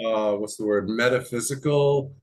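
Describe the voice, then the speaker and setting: A man from the United States hosting a casual interview, enthusiastic and rambling, quick to laugh. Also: on the low side. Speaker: podcast host.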